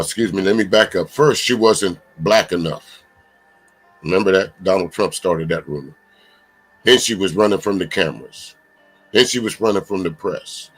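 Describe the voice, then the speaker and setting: A man's voice: deep voice, breathy edge, low-quality recording. A man hosting a live political commentary stream, talking emphatically and bluntly to his viewers. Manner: animated, emphatic, profane, talks straight to viewers. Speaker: commentary channel host.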